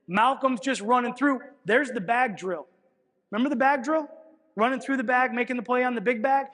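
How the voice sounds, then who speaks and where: Male clinic speaker, high-pitched, animated storyteller, recorded with long hall reverb. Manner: animated storytelling, frequent "all right" checks. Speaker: football coach presenting at a clinic. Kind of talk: coaching clinic talk, film breakdown. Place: lecture hall at a coaching clinic.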